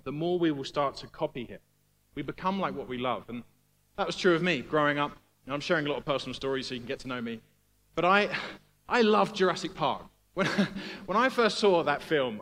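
Man, missionary preacher, higher-pitched, earnest, repeats words, tag questions, long reverb of a large hall. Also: fairly bright tone. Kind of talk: conversational sermon.

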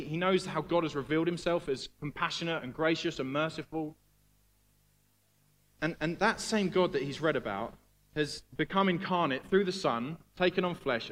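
Guy preaching, bit high voice, earnest, stumbles over his words, long hall echo. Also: fairly bright tone. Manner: earnest, stammers on repeated words, asks tag questions. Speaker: missionary preacher. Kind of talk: conversational sermon. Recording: long reverb of a large hall.

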